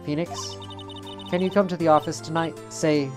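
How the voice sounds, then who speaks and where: Guy reading as a soft calm lady mentor spirit, quiet music behind. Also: fairly high pitch, moderate pace, voice pushed up, close to an everyday voice. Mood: gentle.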